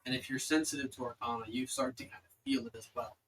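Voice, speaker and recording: A man's voice: mid-range voice, fairly even intonation, fast talker, fairly bright tone, a little hiss or hum, low-quality recording. A man narrating as dungeon master of a tabletop game, loose and casual with lots of filler words.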